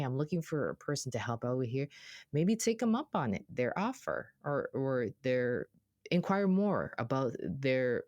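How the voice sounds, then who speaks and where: A therapist co-hosting a podcast, chatting casually and telling everyday stories with lively acted-out quotes. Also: mid-range voice, no echo, studio quality. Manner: animated storyteller who acts out quoted voices.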